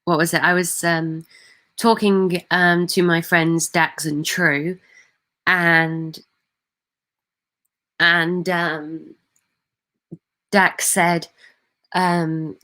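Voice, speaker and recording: A woman's voice: low-pitched, fairly even intonation, takes it slowly, pauses often, sharp tone. A woman from Manchester, hosting a casual livestream and answering viewer comments in a hesitant way, full of ums and restarts. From Manchester, England. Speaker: livestream host.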